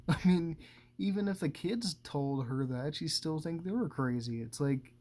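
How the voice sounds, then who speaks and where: A man's voice: fairly high pitch, unhurried, dark tone. Brief: male vlogger, casual profane movie rundown, rambling and chuckly. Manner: profane, laughing often, loose and meandering. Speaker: movie commentator.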